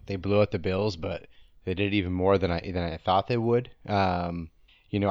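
A man's voice: low voice, no room sound, lo-fi sound. A man co-hosting a casual sports chat podcast, easygoing and agreeable. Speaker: podcast co-host.

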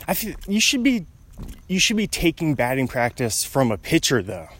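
A man's voice: a little high, sing-song, moderate pace, a bit bright. A young man talking casually to himself while walking outside, rambling from thought to thought and chuckling often. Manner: wandering, musing, chuckles often. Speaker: vlogger. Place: outdoors on a residential street, walking.

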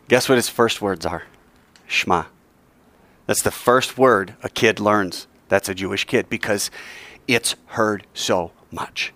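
A man teaching a class in an energetic way. He coaches the group and drills them line by line in call-and-response. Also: on the low side, takes it slowly, no room sound.

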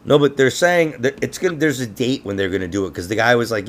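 A man's voice: mid-range voice, lively intonation, fast. A man hosting a casual conspiracy podcast, rambling and laughing, with frequent swearing. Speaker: podcast host.

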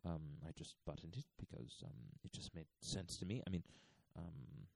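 A man voicing a stiff, deadpan West German man in a put-on West German accent, halting and full of fillers. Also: deep voice, gravelly, no echo. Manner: halting, slow, many fillers.

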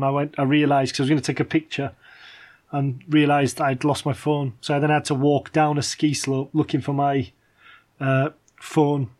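A middle-aged man telling anecdotes in casual chat, hesitant with many fillers and laughing as he goes. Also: a little high.

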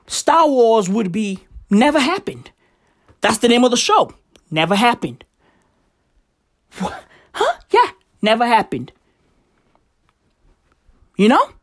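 A young woman delivers a profane, slang-heavy comedic rant to camera, mock-outraged throughout. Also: fairly high pitch. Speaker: vlogger.

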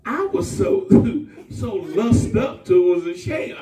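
Animated male pastor in echoey hall. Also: sits high, slow pace, hardly any pauses, soft background music. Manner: animated storyteller, shouts and laughs through stories. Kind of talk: testimony sermon. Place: church hall with congregation. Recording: echoey room, far from mic.

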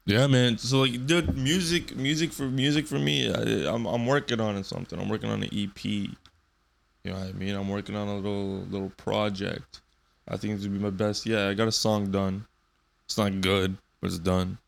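A man's voice: on the low side, fairly even intonation, normal speed, gravelly. A man in his twenties hosting a solo podcast, rambling loosely and swearing often. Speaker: podcast host.

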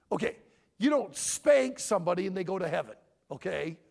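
A man in his sixties from Michigan, giving an animated sermon-style talk at a family conference and pressing his audience with questions. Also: high voice, a little fast, vocal fry. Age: 60s. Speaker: conference speaker.

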